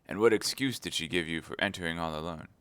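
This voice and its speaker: A man voicing a shrewd, commanding older cardinal who questions in a measured way. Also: deep voice, pushed and bright, smooth, dry recording. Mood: probing.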